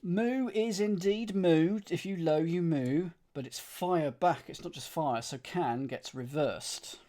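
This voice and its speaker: A man's voice: on the high side, unhurried, a little mellow. A man streaming himself solving a cryptic crossword, reading clues aloud and musing over the wordplay. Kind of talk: thinking aloud while solving.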